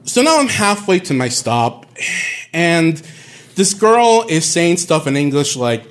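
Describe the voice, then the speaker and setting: A man from Puerto Rico telling a personal story in an animated, candid way, swearing casually. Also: on the high side, slow pace.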